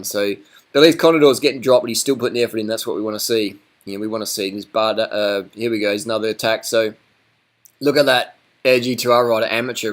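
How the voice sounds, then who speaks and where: A man giving blunt, casual commentary over race footage, swearing and teasing the riders. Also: on the low side. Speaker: cycling commentator.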